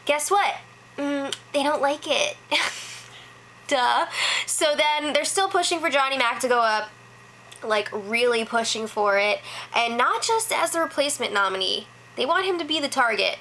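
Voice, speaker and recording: A woman's voice: high voice, expressive, pushed and bright, slight background noise, poor audio. A woman giving a casual spoken recap, chatty and full of "like" fillers. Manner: chatty, lots of "like" fillers, quick mimicry of others. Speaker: reality show recap host.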